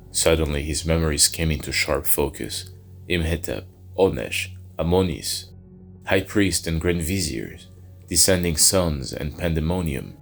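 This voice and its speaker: Man, extremely deep voice, somber storyteller, dark fantasy narration, soft background music. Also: creaky.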